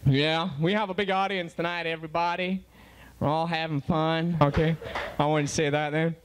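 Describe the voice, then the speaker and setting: A man with a put-on Scottish accent doing a loud, playful stand-up routine. He jumps between high shouts and low asides. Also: little pitch movement, moderate pace, slight background noise. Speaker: stand-up comedian.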